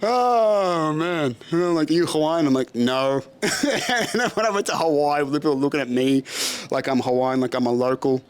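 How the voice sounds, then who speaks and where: A young Australian man spins a casual story on his podcast, swearing freely and breaking into laughter. His voice sits a little on the high side for a man, relaxed and self-mocking. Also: moderate pace, smooth. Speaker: podcast host.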